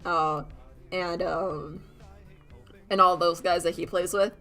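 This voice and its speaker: A woman's voice: fairly low pitch, steady tone, slow, bright, forceful tone, faint music behind. A woman from Canada chatting casually on a live stream while she draws, rambling and laughing at herself as she answers chat. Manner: rambling, giggly, self-mocking, talks to chat. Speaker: streamer and animator.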